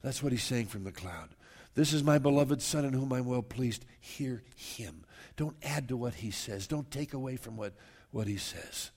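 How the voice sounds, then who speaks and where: Gravelly-voiced man preaching a sermon. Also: mid-range voice, lively intonation, moderate pace, a little mellow. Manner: earnest, conversational preaching with direct asides to listeners. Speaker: pastor. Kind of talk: verse-by-verse sermon.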